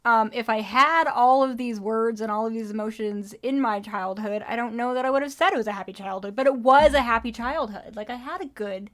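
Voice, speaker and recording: A woman's voice: on the high side, brisk, few pauses, a bit bright. Chatty, easily laughing female podcast co-host. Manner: chatty and reflective, laughs easily, uses many fillers. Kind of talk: casual conversational podcast chat.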